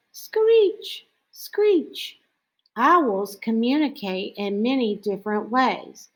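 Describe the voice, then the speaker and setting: A woman reading a picture book about owls aloud as a lesson, slow and clear, now and then mimicking owl calls. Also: fairly high pitch, low-quality recording. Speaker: teacher reading to children.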